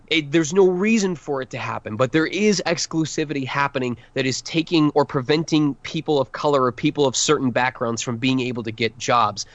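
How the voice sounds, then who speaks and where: A man's voice: mid-range voice, fairly bright tone, no echo, highs cut off. A man voice actor giving advice in a podcast interview, earnest and emphatic, restarting his sentences often. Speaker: voice actor guest.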